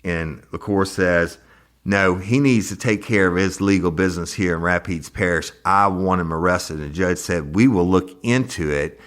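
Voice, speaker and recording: A man's voice: low voice, normal speed, a bit bright. A man hosting a true crime podcast, retelling courtroom exchanges and acting out the quotes. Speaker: podcast host.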